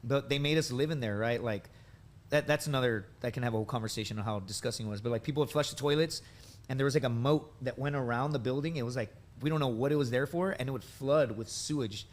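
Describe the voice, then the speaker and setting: A man in his thirties from the United States spins long, rambling stories, padding them with likes and dudes. His voice sits at a middling pitch and has an easy, conversational flow. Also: fast. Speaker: podcast guest, veteran and comedian. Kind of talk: casual storytelling.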